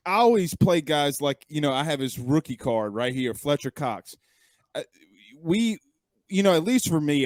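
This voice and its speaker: A sports show host talks in a relaxed, chatty way, winding through long questions with plenty of filler words. His voice is dry and close, with almost no room echo. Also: medium pitch. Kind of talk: casual interview.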